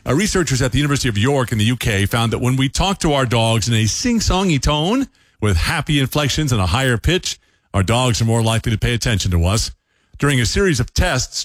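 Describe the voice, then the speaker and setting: A man hosting a scripted radio feature segment, upbeat and animated with playful asides. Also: mid-range voice, no echo, clean studio sound. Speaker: radio host.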